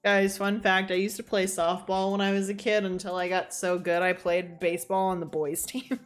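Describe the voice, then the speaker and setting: A woman's voice: mid-range voice, little pitch movement, moderate pace, faint music behind. A woman streamer playfully reading and joking through a dating game, laughing often. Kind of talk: casual game commentary and reading.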